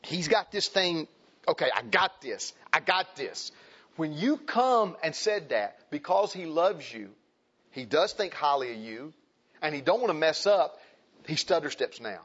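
A man's voice: a little high, animated, a little slow, dull audio. A male preacher delivering an emphatic sermon, repeating phrases and turning to speak to the men and then the women of the congregation.

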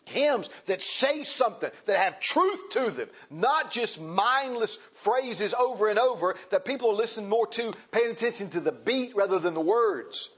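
A man's voice: high voice, expressive, a little slow, few pauses, fairly bright tone, slightly rough, muffled recording. A man preaching a sermon to his congregation, emphatic and repeating his points, calling them brethren. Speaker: pastor.

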